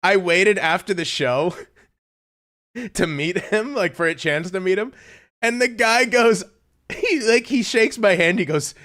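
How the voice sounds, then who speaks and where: A man streaming live, telling a story in animated casual chat, laughing often and swearing. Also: on the high side, a little slow.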